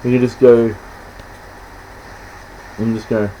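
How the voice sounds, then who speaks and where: A man in casual film chat, rambling and halting, often stopping to restart, acting out scenes in quick quoted voices. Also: medium pitch, level tone, dark tone, a little hiss or hum, low-quality recording. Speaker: podcast host.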